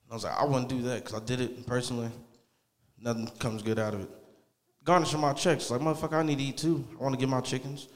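A man's voice: medium pitch, steady tone, fast talker. A man doing a rambling, crude open-mic stand-up set in a small comedy club. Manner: rambling, crude and laid-back. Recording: club mic with long reverb.

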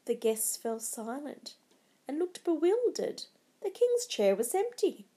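A woman narrating a storybook in a dramatic, measured way. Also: high voice, big pitch swings, mellow.

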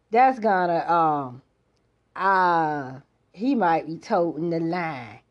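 A woman's voice: fairly low pitch, animated, takes it slowly. A woman hosting a podcast, reacting to a speech clip in blunt, profane casual commentary. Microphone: phone voice message. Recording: dull lo-fi voice message audio.

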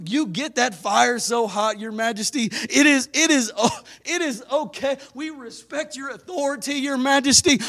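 A man preaching voices defiant young men who answer a king with soft, sarcastic respect. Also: very high-pitched, no echo, studio quality. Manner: sarcastic, hushed.

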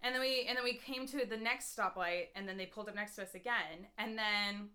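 A woman's voice: mid-range voice, steady tone, a little fast, bright, forceful tone. An American woman in her twenties telling a long story on a podcast, rambling with lots of "like" fillers and casual swearing. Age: 20s. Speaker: podcast host.

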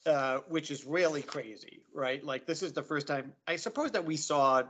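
A man's voice: fairly high pitch, normal speed, a bit bright, husky. A man guesting on a casual podcast discussion, thinking aloud with many fillers.

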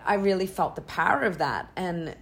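A middle-aged woman talking as an interview guest about spiritual practice, earnest and soft-spoken, slowing down to stress her points. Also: on the low side. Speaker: interview guest, tantra teacher. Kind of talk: casual spiritual conversation. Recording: faint background noise.

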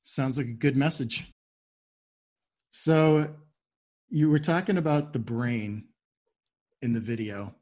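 A man hosting a podcast interview, easygoing and quick to laugh as he asks questions. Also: medium pitch, a little mellow. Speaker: podcast host. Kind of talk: casual interview.

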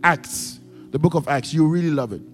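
A high-pitched male preacher delivering a sermon in a church, his voice trailing off into a long hall reverb. He drives points home by repeating lines and asking the congregation for answers, with soft music underneath. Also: moderate pace. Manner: emphatic, repetitive call-and-response preaching. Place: church service.

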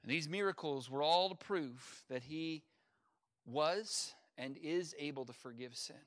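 A man preaching a sermon as pastor, earnest, with sudden swells in loudness. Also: a little high, unhurried. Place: church service.

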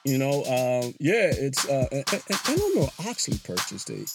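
A man's voice: mid-range voice, wildly swooping pitch, normal speed. A man hosting his own podcast, talking casually and loosely, full of "yo" and restarts, from a small enclosed booth. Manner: loose and rambling, peppered with "yo" and restarts. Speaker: podcast host. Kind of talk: casual solo commentary. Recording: clear background music.

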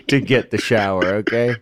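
A laid-back man with a lowish voice rambles through an improvised comedy scene. He chuckles at his own tales and drifts from point to point. The sound is dry and close. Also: measured pace, no room sound. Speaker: improv performer.

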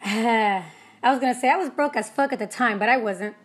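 Blunt, high-voiced woman, profane and animated. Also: unhurried, pauses often, breathy edge. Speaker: energy healer and small business owner. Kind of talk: casual motivational monologue.

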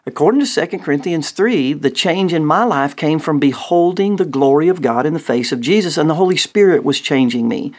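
Earnest higher-voiced pastor. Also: male voice, expressive, fairly quick, few pauses, a little mellow. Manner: earnest, preacherly cadence. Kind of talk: Christian talk show conversation.

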